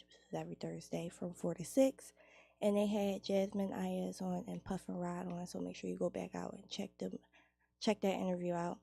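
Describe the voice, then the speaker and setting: A woman hosting a radio show in a studio, chatting casually, laughing and reeling off plugs and shout-outs. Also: fairly low pitch, level tone, moderate pace, creaky, slightly rough, dry recording.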